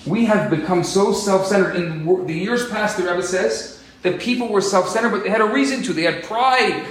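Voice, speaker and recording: A man preaching a sermon as a rabbi, animated and acting out quotes in different voices. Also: high-pitched, moderate pace. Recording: echoey room, distant mic.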